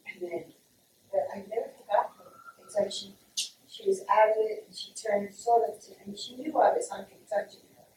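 A woman from the audience telling a personal story, halting and emotional, often dropping to a near whisper. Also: mid-range voice. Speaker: audience member. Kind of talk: personal story at a book talk Q&A. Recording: echoey hall, distant mic, faint noise.

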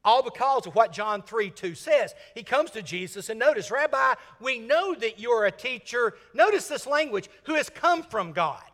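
An older man from Mississippi, preaching a sermon and swinging from loud emphasis to hushed, whispered lines. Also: very high voice, expressive, moderate pace, few pauses, in a large hall. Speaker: senior minister.

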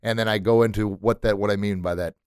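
A man's voice: lowish voice, steady tone, fast talker, smooth, dry recording, clean studio sound. A man and former teacher giving a casual motivational talk, earnestly repeating words as he searches for them and animatedly acting out how children react.

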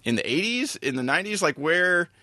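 A man with a bright, forceful tone and a middle pitch talks through his thoughts in casual chat, stumbling over restarts and fillers. The sound is dry and close. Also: very animated, no room sound. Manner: halting, many fillers and restarts. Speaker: podcast co-host.

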